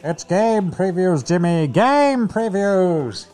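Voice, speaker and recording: A man's voice: sits high, lively intonation, takes it slowly, mellow, faint music behind, pitched above the performer's own voice. A man putting on the voice of a cheery male sidekick announcer, stretching his words in a sing-song way. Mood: chirpy.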